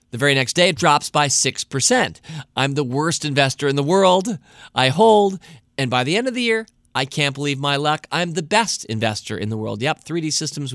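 A man's voice: fairly high pitch, a bit bright, no echo. Chatty middle-aged American man, dry sound. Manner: chatty, stops to comment on the letter he is reading. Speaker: podcast host. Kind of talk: reading listener mail on a podcast.

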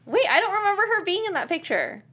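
A young woman co-hosting a casual podcast, playful and quick to agree and laugh. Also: very high-pitched, very animated, fairly bright tone. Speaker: podcast co-host. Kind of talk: casual chat.

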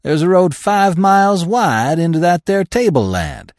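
A man's voice: medium pitch, very animated, slow, gravelly, darkish tone, no room sound, clean studio sound, full character voice. A man voicing a sullen old trapper and whaler who talks in a folksy, blunt backwoods drawl. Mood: drawling, rough.

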